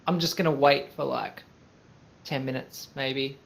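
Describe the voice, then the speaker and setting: Gravelly-voiced male player. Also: medium pitch, steady tone, unhurried, a bit bright. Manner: casual, tentative. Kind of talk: tabletop game play.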